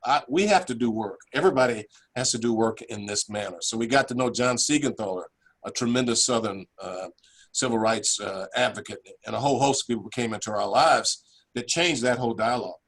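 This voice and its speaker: A man's voice: medium pitch, a little fast. A man giving a lecture presentation with slides, earnest and conversational, often restarting phrases. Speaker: physician and guest lecturer.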